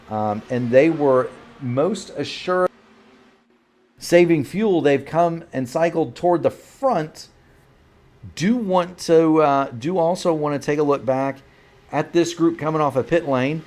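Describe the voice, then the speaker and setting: A man commentates play-by-play for a sim racing broadcast, rambling and correcting himself as he goes while battling the hiccups. His voice is a little high and a little mellow, and he's unhurried.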